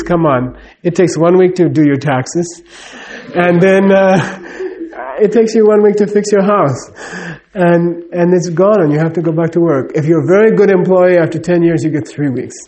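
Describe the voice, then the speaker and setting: A man's voice: high-pitched, normal speed, dark tone. A middle-aged man giving a casual, rambling talk, full of fillers and "you know what I mean". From United States.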